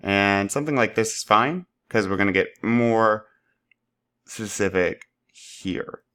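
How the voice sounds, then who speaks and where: A man walking through a software tutorial, upbeat and playful, making little sound effects as he works. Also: lowish voice, slow, smooth. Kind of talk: screen-recorded tutorial.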